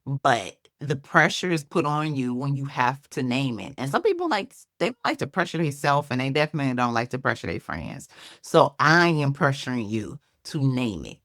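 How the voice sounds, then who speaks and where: Low-voiced Chicago woman, chatty. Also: very animated, normal speed, fairly bright tone, no echo, studio quality. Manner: conversational, frequent "like" and "right?" tags. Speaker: faith-based self-help speaker. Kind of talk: casual talk to camera.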